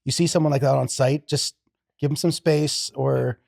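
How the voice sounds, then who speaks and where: A man with a gravelly, slightly higher voice chats in a relaxed, teasing way. His tone is mellow, and the recording sounds close and dry. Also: moderate pace, no echo. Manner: teasing, easygoing. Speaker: podcast co-host, builder. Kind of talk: casual chat.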